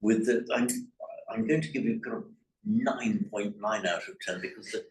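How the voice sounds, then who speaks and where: A man teaching a language class, correcting his students' pronunciation in a halting, repetitive way. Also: on the low side, fairly even intonation. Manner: hesitant, repeats words, corrects pronunciation. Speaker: Pali teacher. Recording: echoey room, mic far off.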